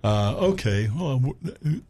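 A man's voice: medium pitch, lively intonation, takes it slowly, warm tone. A man sitting in as host of a radio talk show, chatting with guests and callers and moving the show along. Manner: conversational, moves the show along.

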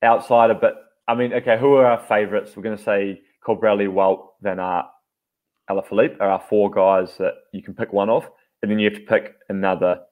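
A man's voice: on the low side, steady tone, brisk, phone-quality sound. A man co-hosting a podcast, joking and chatting loosely in fits and starts. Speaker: podcast co-host. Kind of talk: casual banter.

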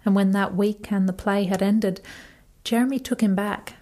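A woman hosting a podcast in a mid-range voice. She reads short scripted narration at a measured pace, then asks her guest relaxed questions with a light laugh. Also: medium pitch. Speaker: podcast host and interviewer.

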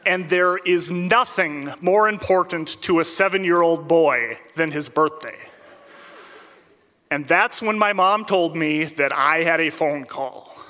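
A man from central Minnesota, telling a personal story to an audience with a wry, deadpan comic delivery. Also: on the high side, takes it slowly, long reverb tail. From central Minnesota, United States.

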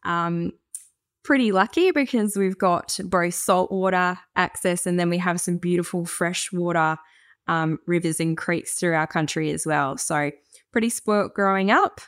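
A woman's voice: fairly low pitch, a bit bright, no echo, studio quality. Chatty Australian woman guest. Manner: chatty, with frequent fillers and quick laughs. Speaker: guest campaigner. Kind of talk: casual interview chat.

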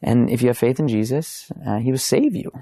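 A young man, a podcast guest, telling his faith testimony in a casual, animated way, acting out the lines of the people in his story. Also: medium pitch, brisk, no echo. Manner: animated, acts out quoted dialogue.

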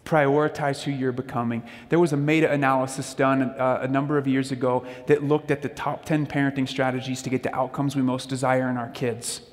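A man's voice: medium pitch, level tone, fairly quick, few pauses, in a large hall. A man giving a sermon-style talk on parenting, telling stories conversationally and speaking straight to the audience. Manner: conversational storytelling, addresses the audience directly.

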